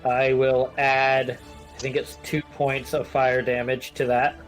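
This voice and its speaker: A man playing a tabletop game who talks in an animated, jokey way. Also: medium pitch, slow pace. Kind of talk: casual game chat. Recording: faint music behind the voice.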